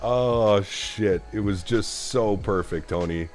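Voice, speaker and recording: A man's voice: fairly low pitch, takes it slowly, a little mellow, soft background music. A man from Canada streaming a flight simulator, chatting casually with his viewers and swearing freely. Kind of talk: casual live-stream commentary.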